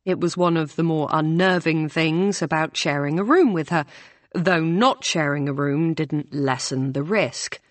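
A woman reading a novel aloud in an even, measured storytelling manner. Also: low voice, no echo. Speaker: audiobook narrator. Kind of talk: scripted narration.

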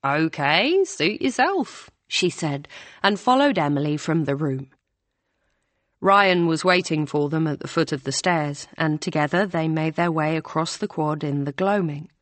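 A woman reading a novel aloud in an even, measured storytelling manner. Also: low voice, dry recording. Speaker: audiobook narrator. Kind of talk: scripted narration.

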